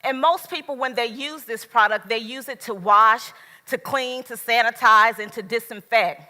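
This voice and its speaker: A woman giving a motivational speech at a business event, slow and emphatic, with dramatic pauses. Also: fairly high pitch, sharp tone. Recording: long reverb of a large hall.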